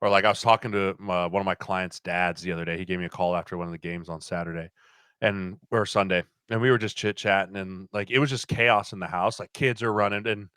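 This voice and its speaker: A man in his thirties tells stories on a podcast. He acts out what other people said, and his voice sits fairly low but comes across bright and forceful. The sound is dry and close. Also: quick pace, clean tone, no echo. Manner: animated storyteller, acts out quotes. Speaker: podcast guest. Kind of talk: casual chat.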